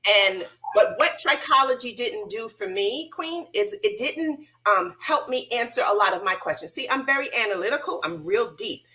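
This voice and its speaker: A middle-aged woman telling her story as a radio interview guest, animated and colloquial, acting out the voices of people she quotes. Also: fairly high pitch, moderate pace, hardly any pauses. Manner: casual, colloquial. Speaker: guest, hair loss practitioner.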